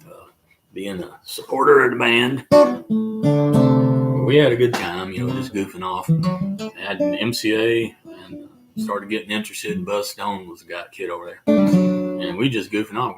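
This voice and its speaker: An older man with a Southern accent from the North Carolina mountains, hosting a casual live chat in a folksy, rambling way with drawn-out fillers. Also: lowish voice, loud music behind the voice. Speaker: livestream host and musician.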